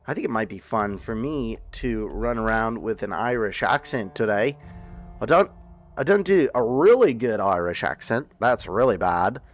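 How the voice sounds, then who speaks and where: A man casually chatting to his viewers as a game streamer, rambling with lots of fillers and restarts. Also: on the low side. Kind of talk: casual livestream chat.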